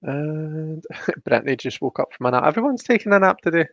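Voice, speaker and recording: A man's voice: a little high, lively intonation, brisk, fairly bright tone, no echo. A man hosting a casual live stream, chatty as he greets viewers by name and reads the chat aloud. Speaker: livestream host. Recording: dull, dry lo-fi stream audio.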